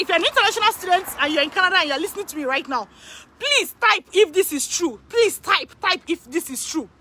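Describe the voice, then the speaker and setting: A woman working as an immigration consultant, talking excitedly to her viewers, repeating phrases for emphasis and laughing often. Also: extremely high pitch, slight background noise. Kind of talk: excited direct-to-camera talk. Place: in Canada.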